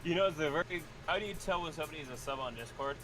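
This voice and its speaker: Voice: medium pitch, music in the background, low-quality recording. A co-host on a drawing stream who chats casually and playfully and laughs easily. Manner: playful, giggly, quick to joke. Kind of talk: casual chat.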